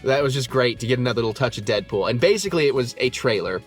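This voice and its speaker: An enthusiastic man talks through a movie in a quick, eager rush, laughing and swearing casually as he geeks out. Faint music plays behind him. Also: medium pitch, lively intonation. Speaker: movie review host. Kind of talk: excited casual movie chat.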